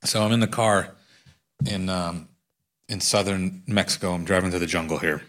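A man's voice: deep voice, fairly even intonation, moderate pace, fairly bright tone. A man, an author, reading his own nonfiction aloud in a dry, wry storytelling way.

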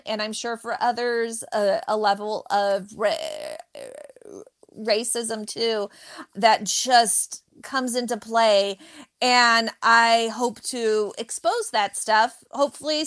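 Woman who stutters, animated. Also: on the high side. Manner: stutters, with repeated sounds; animated, laughs often. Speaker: comedian. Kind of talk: candid interview answers.

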